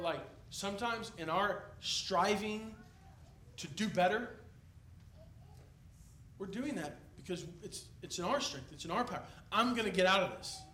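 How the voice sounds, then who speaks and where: A man preaching an expository sermon in a conversational, animated way, acting out the people in the story. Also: sits high, a little hiss or hum. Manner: animated, conversational, acts out biblical characters. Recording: echoey room, mic at a distance.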